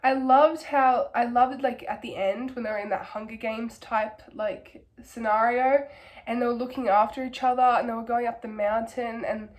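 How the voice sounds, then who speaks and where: A hoarse young woman with a cold, rambling enthusiastically through a casual book review and filling her talk with "like". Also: fairly high pitch, fairly even intonation, normal speed. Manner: rambling, filler-heavy, enthusiastic.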